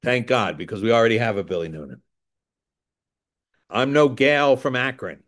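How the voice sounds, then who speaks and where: A man's voice: mid-range voice, animated, moderate pace, fairly bright tone. A man giving a rambling storytelling talk to a recovery audience, digressive and self-deprecating with wry asides. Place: indoors by a window.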